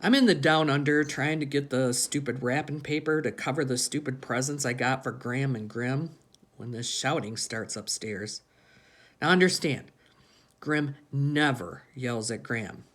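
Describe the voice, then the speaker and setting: A woman's voice: rumbling low, moderate pace. A woman reading a first-person audiobook narration in a plain, conversational way. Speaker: audiobook reader.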